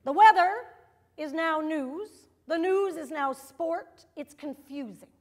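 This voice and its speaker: A middle-aged woman performs a stand-up comedy routine in a high-sitting voice at a slow pace. Her humor is wry and self-mocking, punctuated by sudden exasperated bursts.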